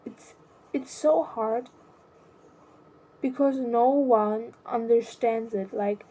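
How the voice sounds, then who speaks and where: A young adult woman talking about her own life in a hesitant, halting way, often restarting her sentences. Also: on the high side, dark tone. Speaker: vlogger. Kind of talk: personal confessional monologue.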